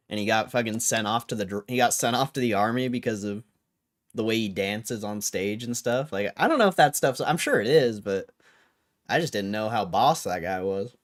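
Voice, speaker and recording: A man's voice: lowish voice, animated, normal speed, pauses often. A young man hosting a livestream, chatting casually and reading viewer comments with a laid-back, rambling manner full of slang. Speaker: livestream host.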